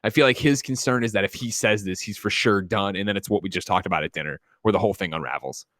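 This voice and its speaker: Man, podcast host, rapid, dry close sound, casual film recap, acts out characters. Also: fairly low pitch, dry recording. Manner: animated retelling, swearing, acting out characters. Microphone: desk microphone.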